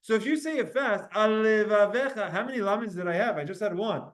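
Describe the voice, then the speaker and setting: A man teaching a live Talmud class, slowly sounding out Hebrew phrases word by word to his students. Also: sits high. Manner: animated, drawn-out recitation of Hebrew phrases.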